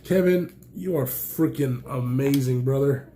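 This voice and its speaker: A man's voice: medium pitch, unhurried, mellow, slight background noise. A man chatting casually while unboxing knives and flashlights, enthusiastic and rambling, a bit stuffy from allergies. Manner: enthusiastic, rambling, exclaims often. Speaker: knife and gear reviewer.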